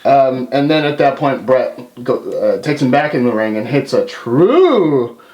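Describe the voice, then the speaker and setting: A man's voice: mid-range voice, a little slow, slight background noise. A man co-hosting a wrestling review podcast, chatting casually and acting out quotes in put-on voices. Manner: animated, acts out quotes with jokey put-on voices. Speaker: podcast co-host. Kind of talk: casual chat.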